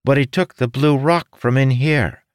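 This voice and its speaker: A man's voice: mid-range voice, a little slow, clean tone, dry recording, studio quality, pitched above the performer's own voice, natural voice. A man voicing a small winged male creature with a trunk and a nasal voice. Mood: plain.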